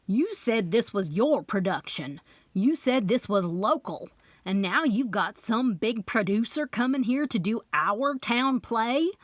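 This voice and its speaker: A woman's voice: on the high side, animated, a little slow, dry recording. A woman voicing a blunt, hot-tempered older aunt who speaks her mind. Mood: indignant.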